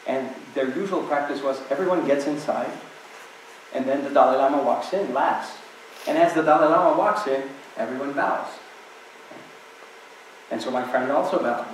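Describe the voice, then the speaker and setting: Picked up by a distant mic in a very echoey hall, with slight hiss or hum, a man's mid-range voice moves at normal speed. He's a guest speaker delivering an inspirational talk, sharing stories in a conversational way full of asides.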